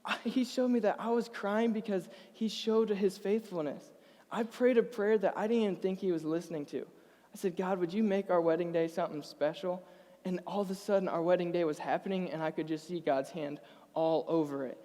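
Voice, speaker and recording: A man's voice: high voice, brisk, mellow. A young man in his twenties preaching a sermon, telling a personal story in an earnest, emotional way with frequent restarts and small laughs. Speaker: pastor. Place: church hall. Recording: long reverb of a church hall.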